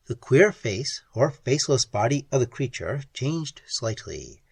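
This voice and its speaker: A man narrating a science fiction story as an audiobook, with expressive storytelling. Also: medium pitch, a little slow, gravelly, husky, no room sound.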